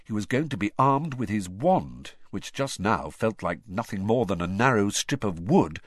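A man reading a storybook aloud with expressive, animated narration. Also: on the low side, moderate pace, no echo, clean studio sound. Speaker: audiobook reader.

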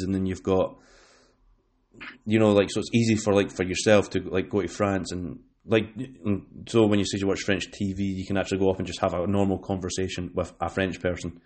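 A man from West Lothian, Scotland, hosts a relaxed podcast in a low, slightly mellow voice. His talk rambles, with many fillers and sentences he begins again.

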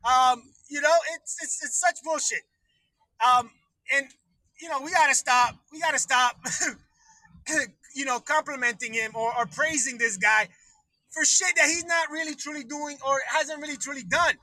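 A man's voice: extremely high pitch, moderate pace, sharp tone, dry recording, low-quality recording. Male livestream host, casual rant, swears a lot, dry close-miked sound. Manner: profane, rambling, laughs often.

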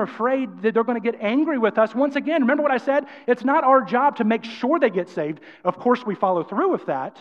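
Speaking fast in a very high, expressive voice, a male pastor delivers an energetic, emphatic sermon and frequently acts out quotations. The audio is dull and carries a long church-hall reverb.

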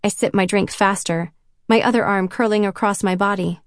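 Brief: woman audiobook narrator, wry, self-conscious first-person read, mid pitch, dry close sound. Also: fairly even intonation, normal speed, dry recording.

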